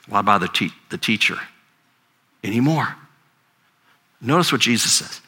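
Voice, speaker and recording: A man's voice: fairly low pitch, animated, a little slow, pauses often, pushed and bright, slightly rough. An older man, a grandfather, preaching a sermon in a conversational storytelling way, often repeating words as he talks. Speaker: pastor.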